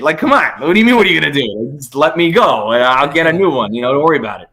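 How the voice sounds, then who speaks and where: A man, a comedian guest on a podcast, telling a story in casual chat, animated and profane, acting out both sides of an exchange. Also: medium pitch, a little fast, hardly any pauses. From United States.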